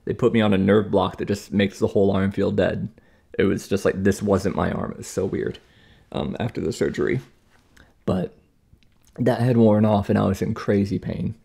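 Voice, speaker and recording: A man's voice: fairly low pitch, fairly even intonation, moderate pace, vocal fry, warm tone, husky. A young man talking casually in an exasperated, chatty way, acting out other people's lines as he tells a story at home. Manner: chatty, exasperated retelling with acted-out quotes. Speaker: vlogger recovering from surgery. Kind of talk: casual storytelling while cooking.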